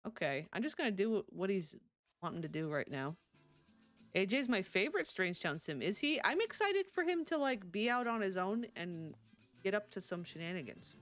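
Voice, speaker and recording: A woman's voice: mid-range voice, expressive, normal speed, a bit bright, faint music behind. A woman streaming a life-sim game, chatting casually and laughing often as she answers her chat. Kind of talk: casual live-stream chat while playing.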